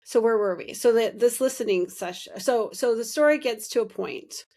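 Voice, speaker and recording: A woman's voice: fairly high pitch, moderate pace, dark tone. A middle-aged woman hosting a podcast, chatting casually and rambling with many restarts. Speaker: podcast host. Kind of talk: casual chat.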